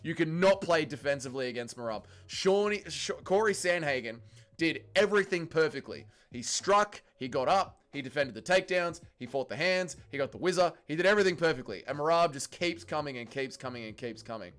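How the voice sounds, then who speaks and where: A man with an Australian accent hosting a casual livestream, ranting in a profane, excitable way. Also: on the high side, a little fast. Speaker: livestream host.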